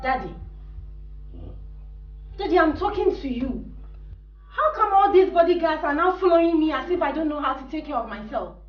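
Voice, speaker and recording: A woman's voice: sits high, expressive, normal speed, long pauses, faint music behind. An actress with a Ghanaian English accent playing a spoiled, defiant young woman who complains indignantly in a film drama. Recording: echoey room, mic far off, dull sound.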